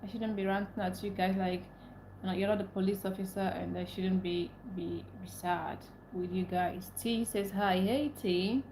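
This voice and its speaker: A young woman from Nigeria hosts a casual live stream, calling out viewers by name as she reads their comments. Her voice sits at a middle pitch and sounds emotional and upset, with a rant running through it. The room is echoey, and there is a faint hum of background noise. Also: steady tone, moderate pace, darkish tone. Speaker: livestream host.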